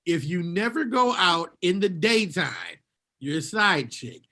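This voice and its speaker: A man co-hosting a podcast in casual chat, animated and laughing often. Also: high-pitched, a little slow. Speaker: podcast co-host.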